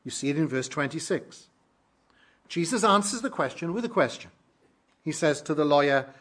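Husky-voiced male preacher. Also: on the high side, expressive, moderate pace, pauses often, a bit bright. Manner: preaching with rising emphasis on quoted questions. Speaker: pastor. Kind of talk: sermon.

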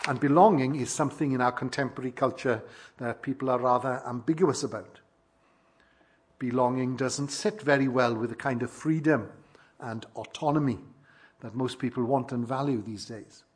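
Husky-voiced man preaching a measured sermon. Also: mid-range voice. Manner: measured, emphatic preaching with rhetorical questions.

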